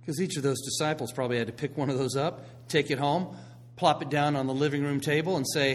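Middle-aged man, pastor, sermon, lively storytelling, loud then hushed, faint hum behind. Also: on the high side, quick pace. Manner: animated storytelling, swings between loud and hushed.

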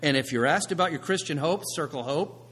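A man preaching a sermon, swinging from hushed, quiet passages to loud, emphatic ones. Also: fairly high pitch, brisk, husky. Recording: long reverb of a large hall.

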